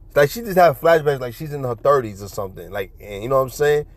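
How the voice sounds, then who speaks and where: A man's voice: medium pitch, quick pace, hardly any pauses, no room sound. A man rambling through a casual monologue, profane and repetitive, often laughing. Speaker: vlogger.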